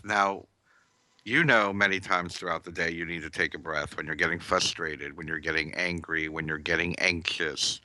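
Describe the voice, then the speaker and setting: Slow, calm low-voiced man teaching meditation. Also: no echo. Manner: slow, calm and instructive, with drawn-out words. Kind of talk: guided meditation class.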